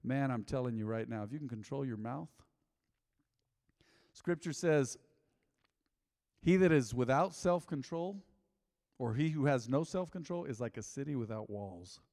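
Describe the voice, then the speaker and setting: A man preaching a sermon to his congregation in a conversational way, with joking asides, moving from quiet low remarks to loud emphatic reading. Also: unhurried, creaky, long pauses. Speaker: pastor. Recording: long hall reverb.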